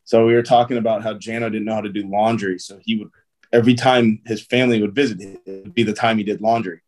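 A man with a lowish voice tells long stories as an interview guest. He talks loosely and casually, leaning on filler words and "dude" as he goes. The feel is relaxed and conversational. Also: fast. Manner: loose and chatty, full of "um", "like" and "dude". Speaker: guest, pro baseball player.

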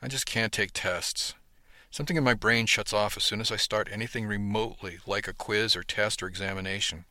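A man voicing a young male ship crewmate, earnest and somewhat glum, in a plain, low-key delivery close to his own voice. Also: steady tone, a little fast, bright, forceful tone, no echo.

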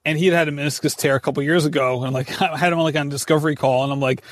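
A man's voice: fairly high pitch, fairly even intonation, very fast. A man around forty hosting a podcast, talking candidly in a rambling way, full of "like" and wry laughs. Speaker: podcast host and runner. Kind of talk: candid casual conversation.

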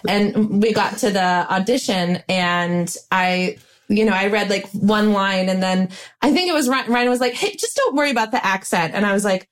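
A woman's voice: medium pitch, normal speed. A woman from the United States, a voice-actress guest chatting casually in a bubbly, talkative way with laughs between phrases. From Western Massachusetts, US. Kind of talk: casual chat.

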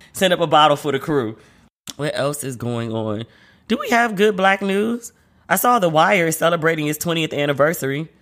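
A podcast host talks alone in a casual, chatty, slangy way, often acting out the voices of people he quotes. His voice sits on the high side with a fairly bright tone.

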